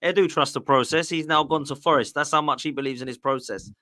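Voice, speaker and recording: Bright-toned man, passionately ranting. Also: fairly high pitch, fast. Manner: passionate, exasperated ranting with slang. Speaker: guest co-host. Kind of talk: casual football chat.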